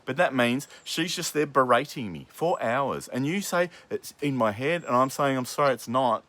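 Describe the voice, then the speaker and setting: A man with a mid-pitched, ordinary voice arguing with his father in a heated back-and-forth. He swears freely, cuts in over the other speaker and presses his points at length. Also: expressive, moderate pace, a bit bright. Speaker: podcast host. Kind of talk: heated family argument.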